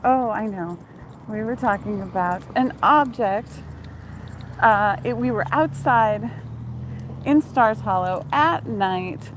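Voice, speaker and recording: A chatty woman records a casual vlog on her phone while she walks her dog outside at night. She talks easily, with a swear word here and there. Street noise is clearly heard behind her, with passing cars and jangling keys. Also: medium pitch, slow, rough recording. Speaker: vlogger and former TV costumer. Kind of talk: casual chat while walking dog, reading viewer questions. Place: outdoors on a town street at night.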